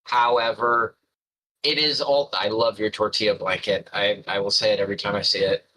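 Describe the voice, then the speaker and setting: A man running a tabletop game as game master, describing the scene in an unhurried, musing way with frequent fillers. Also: lowish voice, steady tone, sharp tone, a little hiss or hum, rough recording.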